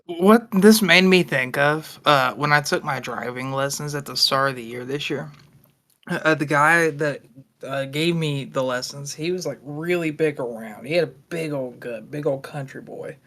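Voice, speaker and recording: A young man hosting a podcast, with a bright, forward voice pitched a bit high. He runs the segments casually and swears freely. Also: moderate pace. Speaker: podcast host.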